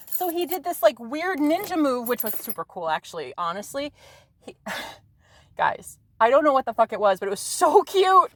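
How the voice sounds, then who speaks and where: A woman's voice: high voice, very animated, normal speed, a bit bright. A young woman vlogger telling a story to her viewers in a gushing, chatty way, swearing and quoting people as she goes. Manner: gushing, breathless, swears and laughs often. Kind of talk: casual storytelling to camera.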